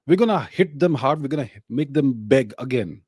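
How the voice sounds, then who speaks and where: Emphatic Indian man, lively pitch. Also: a little fast, breathy edge, dry recording, studio quality. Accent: Indian English. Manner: emphatic, fires rhetorical questions at the listener. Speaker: host answering viewer questions. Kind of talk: solo commentary talk.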